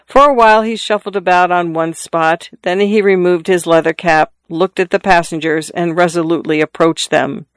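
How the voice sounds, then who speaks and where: A narrator reading a classic story in an even, measured way. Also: mid-range voice, smooth, no room sound. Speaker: audiobook narrator.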